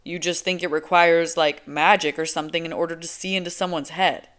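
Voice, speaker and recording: A woman's voice: low voice, brisk. A woman reading an audiobook, voicing a laid-back young man who teases, with emphatic, amused delivery. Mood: teasing. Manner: relaxed, teasing, emphatic. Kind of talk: audiobook character voice.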